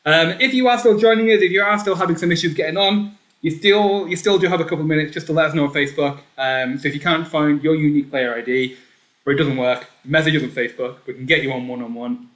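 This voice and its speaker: A man hosting a live online pub quiz, chatty, reading each question and its options twice and often clearing his throat. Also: on the high side, fast, fairly bright tone. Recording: echoey room.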